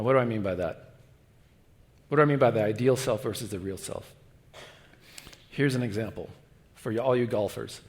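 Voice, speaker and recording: A middle-aged man gives a sermon, mixing lively stories with quiet, pleading passages. His voice sits at an ordinary middle pitch. It rings out with the long reverb of a large church hall. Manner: storytelling, animated, drops to a hush for pleading lines. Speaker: guest pastor.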